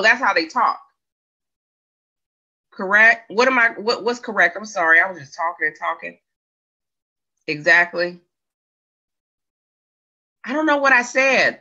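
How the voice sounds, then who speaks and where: A woman with a lowish voice and a sharp tone hosts a casual livestream. She's in her forties, reading the chat aloud in a chatty, rambling way, questioning herself and laughing often, all captured in dull, lo-fi audio.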